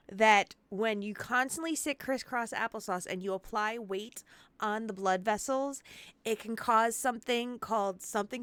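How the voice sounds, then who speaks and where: A woman in her forties streams a game and chats with her viewers in an animated, playful way, often poking fun at herself. Her voice sits a little on the high side. The sound is dry and close to the mic, with no room around it. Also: dry recording. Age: 40s. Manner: animated storyteller, playful and self-mocking. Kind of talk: casual stream chat.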